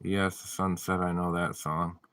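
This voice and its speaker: A man's voice: deep voice, monotone, measured pace, a bit bright, dry recording. A man chatting casually on a live stream, joking around and reading viewer messages aloud. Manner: playful, jokey, reads viewer messages aloud. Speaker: livestreamer reading chat.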